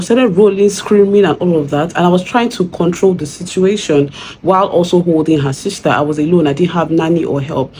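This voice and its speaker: A woman's voice: on the low side, darkish tone, slight background noise. A young Nigerian woman with a Nigerian accent, telling a story in a chatty vlog and acting out the voices she quotes. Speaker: vlogger.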